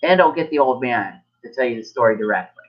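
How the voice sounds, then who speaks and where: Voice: mid-range voice, lively intonation, fast, slightly rough, highs cut off. A game master voicing a friendly, scheming male pirate barkeep in a squid hat who talks in a chatty, persuasive way.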